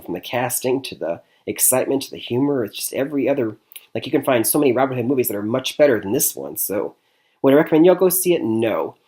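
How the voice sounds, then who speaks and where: A man from Michigan talks through a movie review in a relaxed, chatty way. He leans on fillers like "I mean" and "like I said," and chuckles between points. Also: mid-range voice. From Michigan, USA. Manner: chatty, repeats "I mean" and "like I said", laughs often. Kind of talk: casual spoken movie review.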